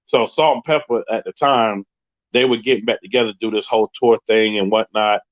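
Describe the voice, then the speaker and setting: A man's voice: fairly low pitch, brisk, no echo, lo-fi sound. A man, telling a story on a live stream and acting out the other people's voices. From Queens, New York. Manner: animated, acts out the voices of people in his story. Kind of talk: casual storytelling on a livestream.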